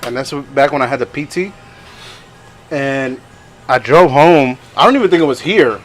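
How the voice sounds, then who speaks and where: A young man co-hosting a podcast, telling stories in a rambling way, laughing often and acting out what people said. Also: medium pitch. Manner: rambling, laughing, acts out quotes in other voices. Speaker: podcast co-host. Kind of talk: casual storytelling chat.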